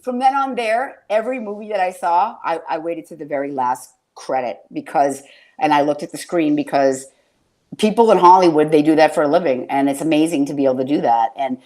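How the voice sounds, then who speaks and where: A woman with a low, dark voice hosts a casual podcast chat, talking a little fast. She rambles through stories, swears freely, and gets emotional.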